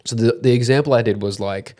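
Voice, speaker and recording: A male comedian chatting as a podcast guest in a dry, deadpan way. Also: mid-range voice, quick pace. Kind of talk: casual chat.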